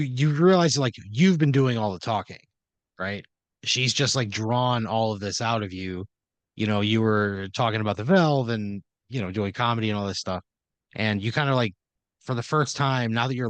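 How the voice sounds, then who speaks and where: A man's voice: on the low side, no room sound, highs cut off. A man hosting a comedy podcast, narrating an improvised scenario in second person with lots of fillers and restarts. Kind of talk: improvised storytelling.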